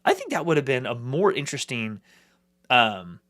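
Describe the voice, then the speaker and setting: A man co-hosting a podcast, talking in a casual, animated way, thinking aloud with many restarts. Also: medium pitch, normal speed. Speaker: podcast co-host. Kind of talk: casual discussion.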